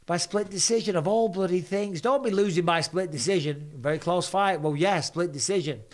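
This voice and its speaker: A man's voice: high-pitched, moderate pace. A man, hosting a casual live chat, blunt and joking, swearing freely. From England. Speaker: podcast host. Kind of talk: live casual chat answering viewer questions.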